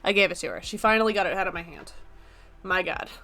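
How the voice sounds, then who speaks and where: A woman's voice: lowish voice, quick pace, pushed and bright. A young woman streaming from her apartment desk, chatting casually with a playful, self-mocking manner. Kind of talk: casual live-stream chat.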